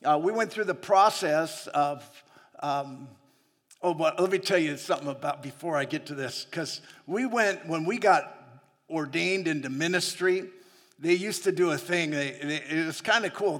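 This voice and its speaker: A man's voice: fairly high pitch, moderate pace, a bit bright. A man preaching a sermon that tells stories from his own life, chatty and often laughing between lines. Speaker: missionary preacher. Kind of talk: sermon with personal storytelling. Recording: long hall reverb.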